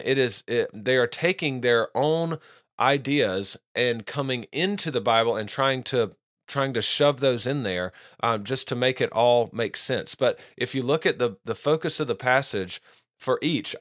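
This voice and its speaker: A man's voice: mid-range voice, fairly bright tone, no echo. Man teaching scripture in a dry room. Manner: earnest, restarts phrases often. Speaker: Bible teacher. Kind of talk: unscripted Bible teaching.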